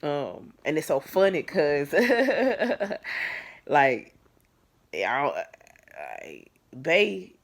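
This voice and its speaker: A woman vlogger with a low, sing-song voice tells a painful personal story to camera, speaking very slowly with long pauses. She's casual and candid, full of fillers and restarts, swinging from soft to emphatic.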